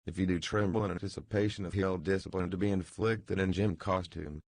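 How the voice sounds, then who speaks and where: A man reading an audiobook voices a domineering, savage brothel keeper who bullies and gloats in quick, clipped bursts. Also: sits low, steady tone, a little mellow, no echo.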